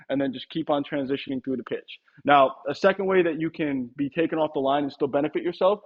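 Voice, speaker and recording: Brief: young male sales trainer, fast and casual, slightly high voice, dull lo-fi sound. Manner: casual, quick, acts out little sample dialogues. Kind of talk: instructional talk.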